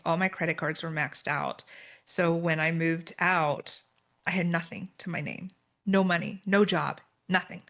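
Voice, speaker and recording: This middle-aged woman has a low-pitched, steady, somewhat bright voice with vocal fry, speaking at normal speed. Candid and earnest, she tells her personal story in a podcast conversation as a guest, explaining terms with plain examples.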